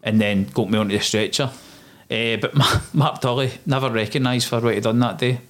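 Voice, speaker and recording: A man in his thirties recounts a combat story in a relaxed interview. He talks in a lively, storytelling way and voices the people he quotes. His voice sits at a middle pitch for a man. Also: fairly quick. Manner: animated storyteller, acts out quoted dialogue, swears. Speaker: guest, former soldier.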